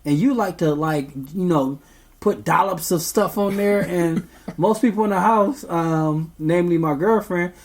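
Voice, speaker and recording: A man's voice: sits high, unhurried. A young man, a podcast co-host, telling a meandering story in casual chat, full of ums.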